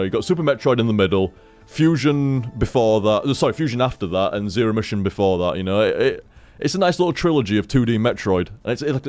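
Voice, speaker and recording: A man's voice: mid-range voice, a little mellow. A man, a streamer rambling casually after a stream and swearing constantly. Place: home room.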